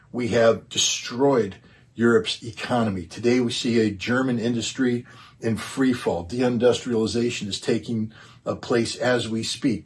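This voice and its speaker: An American man speaks as a panelist at a conference. He argues emphatically, throws in rhetorical questions, and often restarts with an um or a you know. His voice sits at an ordinary middle pitch. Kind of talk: prepared political talk.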